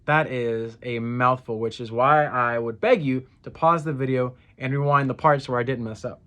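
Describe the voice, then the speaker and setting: A man giving a casual language lesson, repeating each phrase slowly and correcting himself with fillers. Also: medium pitch, steady tone, a bit bright. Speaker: Spanish phrase teacher.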